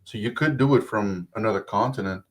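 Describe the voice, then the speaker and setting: A man's voice: fairly low pitch, a little fast. A man from outside the US speaking as a podcast guest, hesitant, restarting his sentences as he thinks. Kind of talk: casual podcast chat.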